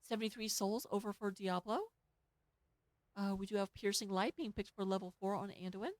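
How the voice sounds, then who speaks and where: A woman with a Southern US accent casting an esports match, rattling off stats and filling pauses. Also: mid-range voice, steady tone, no echo. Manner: rapid, filling dead air with stats. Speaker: esports caster. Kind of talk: play-by-play esports commentary.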